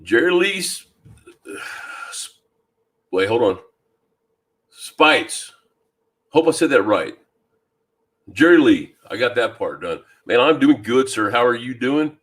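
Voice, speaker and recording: A man from Louisiana hosting a fishing live stream, chatting casually and greeting viewers by name with a deep voice and plenty of ums. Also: big pitch swings, slow, long pauses, breathy edge. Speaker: fishing channel host. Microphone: new microphone.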